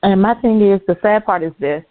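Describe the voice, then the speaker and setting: A woman's voice: medium pitch, a little fast, no echo. A woman co-hosting a podcast, speaking earnestly and emphatically in casual chat. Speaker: podcast co-host. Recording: dry, thin phone-like sound.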